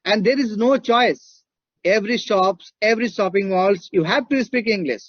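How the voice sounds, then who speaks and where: A man's voice: high-pitched, moderate pace, no room sound, highs cut off. A man with an Indian accent giving a classroom lecture, emphatic and repeating his points while checking in with "right?".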